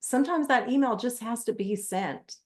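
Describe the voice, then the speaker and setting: A woman's voice: a little high, normal speed, a little mellow. A woman hosting a podcast, chatting casually, laughing often and joking about herself. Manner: laughs often, self-deprecating. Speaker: podcast host.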